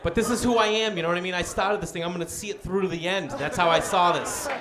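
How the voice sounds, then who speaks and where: A man telling a stand-up story, animated and acting out both sides of a phone call, recorded live in a comedy club. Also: high voice, fast talker. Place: comedy club stage with laughing audience. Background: crowd laughter.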